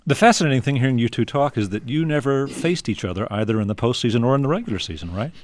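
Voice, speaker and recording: A male radio host with a mid-range voice asks his guests questions and reads tidy introductions. He speaks in a measured, clear way. The studio sound is dry and close. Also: medium pitch, expressive, a little mellow, dry recording. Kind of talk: broadcast interview and narration.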